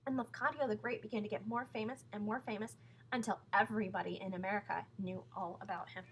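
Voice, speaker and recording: A woman reading a children's book aloud in a lively, playful way. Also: mid-range voice, quick pace, slight background noise, rough recording. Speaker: storyteller.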